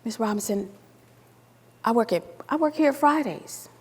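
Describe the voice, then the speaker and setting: A shy young woman speaks softly, as a storyteller quotes her. The voice sits fairly high and rings with a long reverb from a large hall. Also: expressive, a little slow, slightly rough. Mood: subdued.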